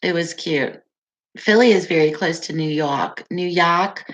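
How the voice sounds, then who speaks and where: A woman in her forties hosts a relaxed livestream and talks in an unhurried, drawn-out way. She chats loosely, reads comments aloud and laughs often. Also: low voice, muffled recording. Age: 40s. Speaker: livestream host reading viewer comments. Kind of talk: casual live-stream chat.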